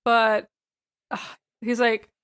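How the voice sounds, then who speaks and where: A woman's voice: a little high, little pitch movement, takes it slowly, a bit bright, smooth. A woman co-hosting a podcast in casual chat, laid-back, dry and sarcastic, with some swearing. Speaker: podcast co-host.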